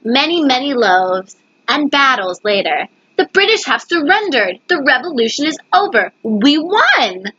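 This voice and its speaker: A woman's voice: high-pitched, sing-song, unhurried, bright, forceful tone, breathy edge, highs cut off. A woman reading a picture book aloud, stumbling over words and correcting herself. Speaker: reader. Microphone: webcam.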